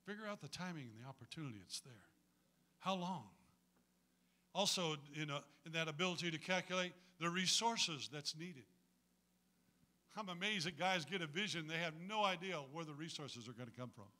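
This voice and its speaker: A man preaches a sermon in a church. His voice sits high and rings very bright and sharp. He talks in a folksy, humorous way and keeps calling on the congregation to answer back. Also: animated, brisk.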